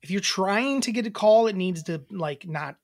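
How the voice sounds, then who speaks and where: A woman's voice: mid-range voice, lively intonation, normal speed, darkish tone. A woman in her thirties co-hosting a podcast, chatting bluntly and casually with lots of swearing and filler words. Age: 30s. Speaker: podcast co-host. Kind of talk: casual chat.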